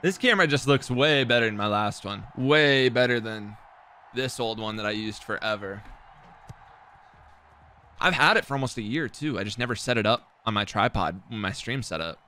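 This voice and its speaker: A young man streaming a football video game, chatting casually with his viewers, excitable and swearing, with sudden loud outbursts. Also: mid-range voice. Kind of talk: live game stream commentary.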